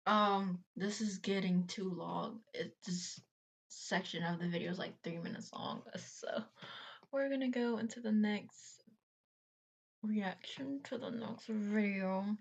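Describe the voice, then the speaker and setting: A woman's voice: medium pitch, fairly even intonation, slow pace, vocal fry. A woman hosting a reaction video, chatting casually and rambling into side rants, laughing between her thoughts. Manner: chatty, tangent-prone, laughs between phrases.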